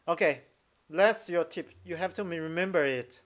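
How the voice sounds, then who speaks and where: A man with a Mandarin Chinese accent teaching a live online lesson, halting, restarting phrases and demonstrating tones out loud. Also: on the high side. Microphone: computer mic, video call.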